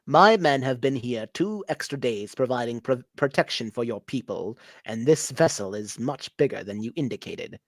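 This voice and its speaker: A host voicing a greedy, menacing male warlord in a comic script read-through, speaking slowly and low with sudden shouts. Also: animated, no room sound, clean studio sound. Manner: slow, low, threatening delivery with shouted outbursts.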